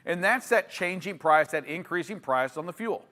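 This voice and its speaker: A man hosting a live trucking show, chatty and energetic, who keeps tossing to his co-host by name. His voice runs high for a man, with a ringing, vivid edge. The banter is delivered fast and upbeat from the studio.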